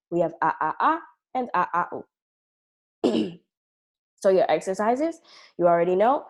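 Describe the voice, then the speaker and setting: A woman teaching an online language lesson, explaining patiently and pronouncing drill words carefully. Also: medium pitch. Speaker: Hebrew teacher.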